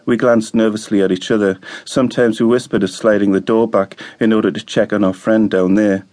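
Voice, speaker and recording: Male audiobook narrator, measured and calm, somewhat low voice.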